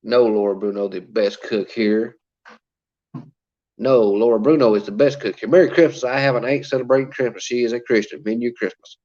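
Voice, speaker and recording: A man chats casually on a livestream, reading viewer comments aloud and filling pauses with "uh." His voice sits at an ordinary pitch for a man. The audio is dull and lo-fi. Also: fairly even intonation, a little mellow. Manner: chatty, reads comments aloud, many fillers. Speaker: livestream host reading chat. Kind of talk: casual live-chat talk.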